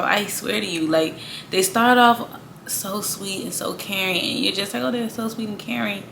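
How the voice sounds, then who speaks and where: A woman with a bright, forceful voice talks straight to camera in a loose, slangy monologue. She is blunt and swears freely. A faint hum sits behind her. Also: on the high side, creaky. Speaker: astrology vlogger. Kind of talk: casual monologue.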